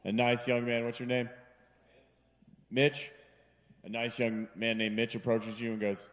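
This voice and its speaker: A man works a bar stage with a rambling, self-deprecating stand-up set. He slips into voices for the characters in his jokes. His voice sits at an ordinary pitch and rings out with a long reverb tail. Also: flat delivery, measured pace, long pauses. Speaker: stand-up comedian. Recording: live room with long reverb.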